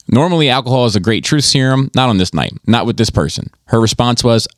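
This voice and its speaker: A man's voice: medium pitch, expressive, fast talker, hardly any pauses, no echo, studio quality. A man hosting a podcast in casual chat, reading listener emails aloud in a laid-back way with frequent swearing and laughter. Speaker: podcast host.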